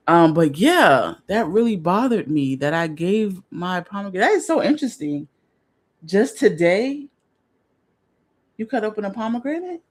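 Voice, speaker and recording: A woman's voice: medium pitch, big pitch swings, moderate pace. A woman hosting a casual storytelling vlog, rambling with restarts and asides to viewers, earnest and openly emotional. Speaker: vlog host.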